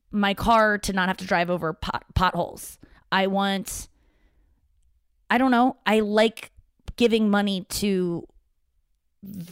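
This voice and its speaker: This podcast host is a woman of medium pitch, recorded dry. On her own show she talks in a loose, candid monologue, cursing freely and often starting her sentences over.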